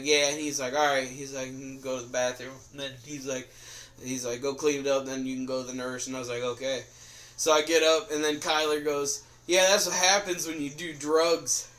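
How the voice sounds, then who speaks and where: A man's voice: mid-range voice, fairly bright tone. A young man co-hosting a podcast, telling school stories in casual chat, rambling and swearing with lots of fillers. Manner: profane, rambling storytelling with frequent fillers. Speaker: podcast co-host.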